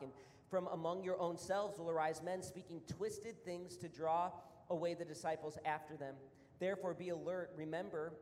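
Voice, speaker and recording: A man with a somewhat high voice preaches as a pastor, reading scripture aloud and then explaining it earnestly and emphatically while slightly out of breath, building to emphatic repetition. There is a little background noise, and the hall gives a long reverb.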